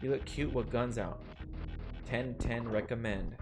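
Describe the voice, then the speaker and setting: A man's voice: mid-range voice, unhurried. A young man streaming a game, rambling and swearing as he tells an old story with laughs mixed in. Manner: rambling, swears freely, laughs through stories. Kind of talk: casual storytelling while gaming. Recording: game music behind the voice.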